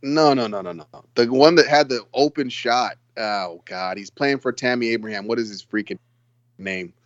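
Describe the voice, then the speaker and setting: A man co-hosting a casual football podcast, talking in an excitable, rambling way and laughing often. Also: medium pitch, normal speed, dry recording, lo-fi sound. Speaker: podcast co-host. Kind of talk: casual sports chat.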